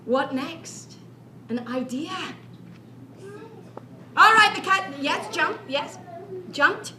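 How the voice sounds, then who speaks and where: A woman storyteller with a very high, bright voice, upbeat as she leads children through a clapping chant. The room echoes around her. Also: lively intonation, very slow, slight background noise. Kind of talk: leading a children's memory game. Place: library room.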